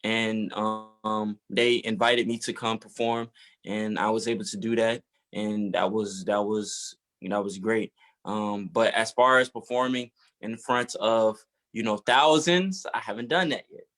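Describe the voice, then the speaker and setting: A man's voice: on the low side, fairly even intonation, a little slow, fairly bright tone. Hesitant man musician, lots of ums. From Georgia, USA. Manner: hesitant, many fillers. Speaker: musician guest. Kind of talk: casual interview.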